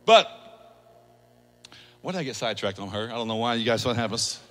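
A male pastor preaching a sermon to a congregation, lively, switching between quiet asides and acted-out quotes. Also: mid-range voice, a little fast, in a large hall. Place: church hall.

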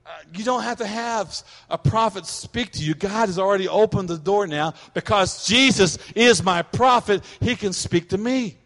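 Middle-aged male pastor, sermon, high voice, animated preaching, long echo of a church hall. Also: normal speed, few pauses. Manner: animated preaching, acting out voices of people he describes.

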